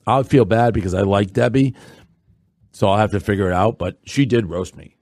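Podcast host guy, kinda low voice, swears a lot, dry close sound. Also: moderate pace, dry recording. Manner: blunt, profane, animated storytelling. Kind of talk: casual chat.

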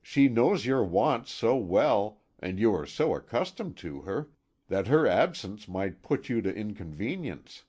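A man's voice: fairly low pitch, big pitch swings, measured pace, a little mellow, breathy edge, exaggerated voice. A man voicing a serious, formal husband who speaks stiffly. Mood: concerned. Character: grave, serious middle-aged husband.

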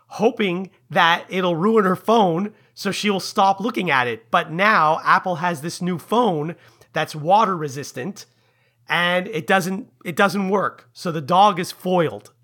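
A man co-hosting a casual podcast chat, recounting things in a measured, patient way. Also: sits high, pushed and bright. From Canada. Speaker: podcast co-host.

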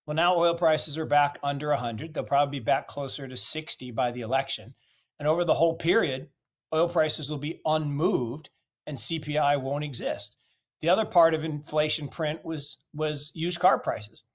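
Emphatic man with a higher voice. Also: moderate pace. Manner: emphatic, rhetorical questions. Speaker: guest commentator. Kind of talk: opinionated market commentary.

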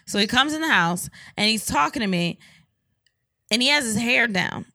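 A woman telling a story in casual chat, animated and profane, acting out quotes. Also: fairly high pitch, normal speed, dry recording.

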